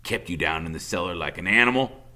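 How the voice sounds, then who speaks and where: A man voicing a cold, volatile convict father who drawls low and then barks loud threats. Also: lively intonation, fast, heavily acted. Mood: menacing.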